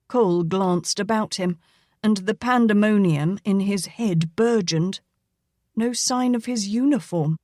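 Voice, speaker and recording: A woman narrating a romance audiobook in a measured, even reading. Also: medium pitch, no room sound, studio quality. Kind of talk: scripted narration.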